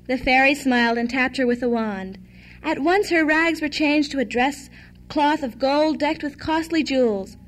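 A woman reading a fairy tale aloud as storyteller, in an even, measured way. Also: sits high.

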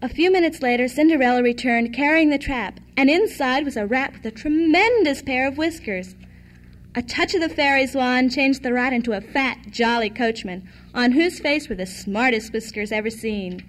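A woman reading a fairy tale aloud as storyteller, in an even, measured way. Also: sits high.

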